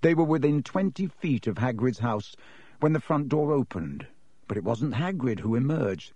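A man's voice: mid-range voice, very animated, moderate pace, warm tone, slightly rough, dry recording, highs cut off. A man reading an audiobook expressively, giving each character a voice. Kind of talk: audiobook narration.

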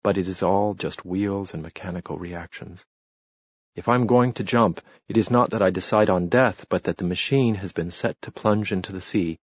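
A despairing young man, voiced by the narrator broods aloud in bleak, inward tones. The voice is low and husky. It is recorded dry and slightly muffled. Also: normal speed, no echo.

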